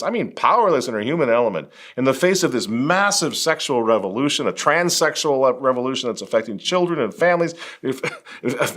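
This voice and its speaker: A man's voice: high-pitched, fairly bright tone. A male commentary host speaking indignantly, firing rhetorical questions straight at a bishop. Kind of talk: impassioned commentary.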